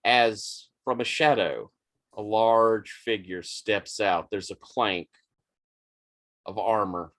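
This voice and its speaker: A man running a tabletop roleplaying game as game master, narrating scenes in a measured, descriptive way. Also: on the low side, a bit bright, no room sound, clean studio sound.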